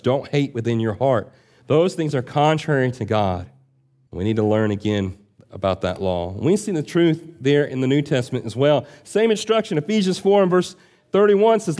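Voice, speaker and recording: A man's voice: medium pitch, darkish tone. Earnest male preacher teaching scripture. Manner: earnest, emphatic teaching with rising and falling delivery. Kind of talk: sermon, reading and explaining scripture.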